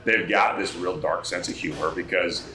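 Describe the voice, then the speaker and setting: A male actor, a guest on a bar talk show, telling animated stories with lots of restarts and swearing. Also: deep voice, moderate pace, roomy sound, poor audio. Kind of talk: casual chat, anecdote telling.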